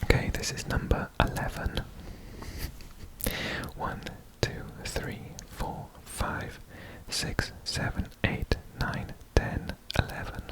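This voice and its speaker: A Welsh man from Wales whispering ASMR, slowly repeating each word several times and counting softly. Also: rough recording. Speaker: ASMR creator.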